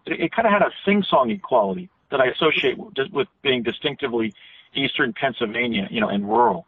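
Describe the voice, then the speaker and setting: Guy on a phone interview, husky voice, tinny dry line, keeps correcting himself. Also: mid-range voice, big pitch swings, fast talker. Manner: detailed storytelling with frequent self-corrections. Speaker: interview guest.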